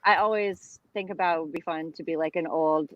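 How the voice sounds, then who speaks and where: Brief: actress-comic guest, chatty and giggly, muffled lo-fi call sound. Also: female voice, low-pitched, steady tone, a little fast. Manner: chatty, laughs often, many fillers. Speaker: guest, comedian and actor. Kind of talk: casual chat over a video call.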